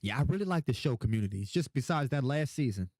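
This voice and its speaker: A man's voice: medium pitch, lively intonation, fast talker, darkish tone, no echo. A tipsy young man hosting a casual livestream, rambling, swearing a lot and repeating himself as he answers chat questions.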